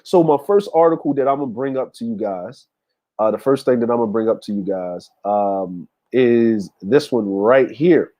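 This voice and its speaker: A man's voice: mid-range voice, moderate pace, dull audio. A man hosting a casual livestream, talking loosely to his chat with frequent fillers and laughter. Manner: laid-back, laughing, talks to chat with many fillers. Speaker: show host.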